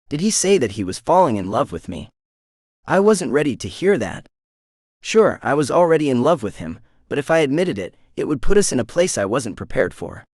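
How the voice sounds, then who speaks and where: A man narrating a first-person romance audiobook in an expressive reading voice, close to the mic. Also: medium pitch, a little fast, no echo.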